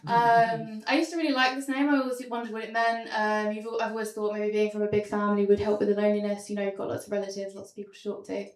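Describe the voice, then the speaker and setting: A woman's voice: medium pitch, level tone, fast talker, hardly any pauses. A young woman doing stand-up comedy in a small theatre, wry and self-deprecating, with a lot of ums. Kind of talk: stand-up comedy show with slides. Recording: roomy sound from a distance.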